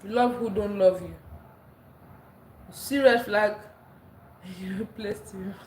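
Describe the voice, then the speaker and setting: A woman's voice: mid-range voice, takes it slowly, darkish tone, echoey room, slight background noise. A woman from Africa hosting a casual livestream, chatting and reading out viewer comments, laughing often. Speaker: livestream host. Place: indoors at home. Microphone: phone, later a clip-on mic.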